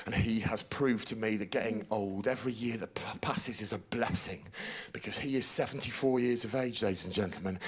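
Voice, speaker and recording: A man in his forties doing a stand-up routine, deadpan storytelling that builds to outraged shouts. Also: lowish voice. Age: 40s. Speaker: stand-up comedian. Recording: noisy stand-up recording.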